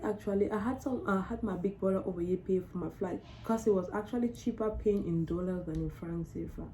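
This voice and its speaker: A woman's voice: a little high, warm tone, slight background noise, poor audio. A young woman from Cameroon telling her story in a casual storytime vlog, chatty and emotional, with lots of "like". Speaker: vlogger.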